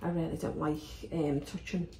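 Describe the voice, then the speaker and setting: A woman's voice: low voice, level tone, normal speed, warm tone, slight background noise. A woman chatting casually through her cooking prep in a home kitchen, matter-of-fact and full of fillers. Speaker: family vlogger. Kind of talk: casual vlog narration while cooking.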